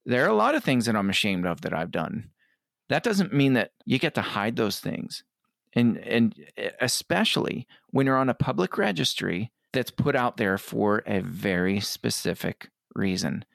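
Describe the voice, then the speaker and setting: Guest, male, middle-aged, earnest and direct, gravelly, dry mic. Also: on the low side, very animated, a bit bright, no room sound. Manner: earnest, quotes others in quick asides. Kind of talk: conversational interview.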